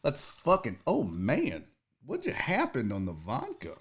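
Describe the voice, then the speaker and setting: A middle-aged man hosting a casual live stream, loud and profane, excitably reading viewer messages aloud. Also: medium pitch, a little slow, slight background noise. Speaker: show host.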